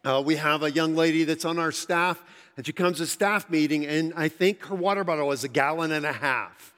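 A pastor preaching a sermon to his congregation, earnest and conversational, slowing down to stress key phrases, his throat a little dry. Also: on the high side, fairly bright tone. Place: large church sanctuary. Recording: long hall reverb from a large church.

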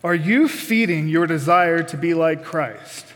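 A man delivers a sermon in a fairly high voice, pressing the congregation with direct questions and folksy asides. His words ring out with the long reverb of a church sanctuary. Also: expressive, a little slow, fairly bright tone. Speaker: preacher.

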